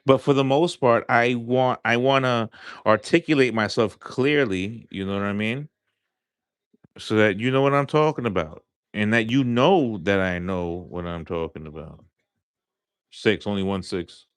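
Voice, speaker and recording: Deep-voiced New York man chatting. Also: unhurried, smooth, no room sound, studio quality. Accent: light New York. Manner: rambling, repeats words, many fillers. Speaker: streamer. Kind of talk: casual live-stream chat.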